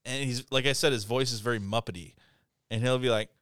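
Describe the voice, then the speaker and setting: A man co-hosting a casual podcast chat, telling animated stories, laughing often and swearing a lot. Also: medium pitch, a little fast, smooth, no room sound, clean studio sound. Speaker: podcast co-host.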